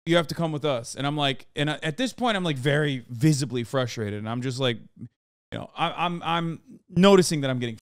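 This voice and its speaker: Smooth-voiced man telling a story animatedly. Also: mid-range voice, fairly quick, no room sound, clean studio sound. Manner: animated, swears, acts out quoted officials. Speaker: podcast guest telling a story. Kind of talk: casual storytelling.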